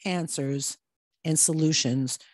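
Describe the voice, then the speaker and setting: A woman's voice: low-pitched, takes it slowly, darkish tone, no room sound, clean studio sound. A woman in her fifties, a midlife mindset coach giving a blunt, profane tough-love pep talk to camera. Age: 50s.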